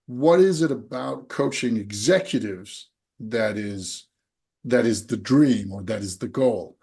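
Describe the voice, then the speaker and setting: A man in his forties from Denmark, hosting and coaching a guest in a frank, energetic way, full of rhetorical questions. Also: on the low side, a little slow, vocal fry, breathy edge. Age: 40s. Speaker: host, business coach. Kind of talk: coaching conversation.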